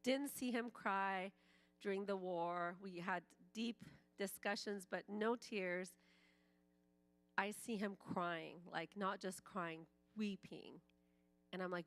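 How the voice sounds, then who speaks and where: A woman in her forties, raised in Iran and a native Farsi speaker, shares her testimony at church in a chatty, storytelling style. Her voice is fairly low, fairly bright and slow, and she says "like" often while acting out quoted speech.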